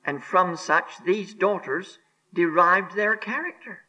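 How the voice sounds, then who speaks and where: Slow, emphatic preacher with a bright voice. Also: male voice, sits high, highs cut off. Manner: slow and emphatic, repeating phrases, dropping to a hushed near-whisper. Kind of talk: expository sermon.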